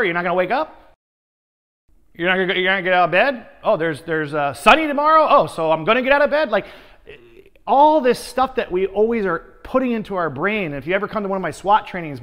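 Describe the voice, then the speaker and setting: A man, a sales trainer, giving an energetic motivational conference talk, telling stories and calling the audience guys. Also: sits high, in a large hall. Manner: energetic storytelling, keeps addressing the audience as guys.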